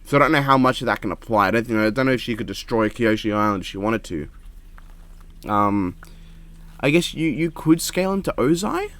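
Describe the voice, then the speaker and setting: A man giving casual reaction commentary at home, speaking quietly in a monotone and rambling with frequent restarts into a microphone. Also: mid-range voice, fairly quick. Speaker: reaction video creator. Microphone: desk microphone.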